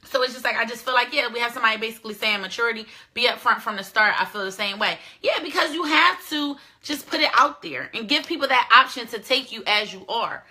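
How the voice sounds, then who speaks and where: A woman's voice: a little high, animated, fast, hardly any pauses, bright, forceful tone. A woman hosting her own show, giving blunt, profane dating advice in a casual monologue. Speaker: show host.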